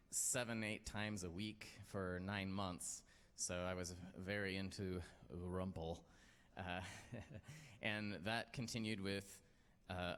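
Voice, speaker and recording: An American man hosts a live storytelling night, rambling through a personal story with self-deprecating humor and plenty of fillers. His voice is fairly low and fairly bright. The recording carries a long hall reverb.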